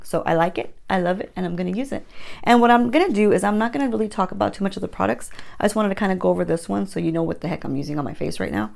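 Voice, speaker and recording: A woman's voice: lowish voice, creaky, a little mellow. A woman beauty vlogger telling a rambling, chatty storytime with playful asides, recorded on her phone at home at night. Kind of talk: casual storytime chat.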